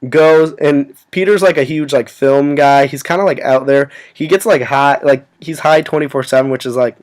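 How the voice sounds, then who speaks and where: A young man casually telling a story to his viewers, rambling and filling every pause with "like". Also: medium pitch, steady tone. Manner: rambling, full of "like" fillers. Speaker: vlogger.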